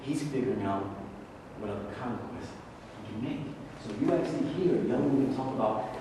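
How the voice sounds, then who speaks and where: A man's voice: medium pitch, animated, a little fast. A man teaching a religious class in a casual, conversational way, repeating key phrases and asking rhetorical questions. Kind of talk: lecture to a class. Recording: very echoey hall, far from mic, noisy.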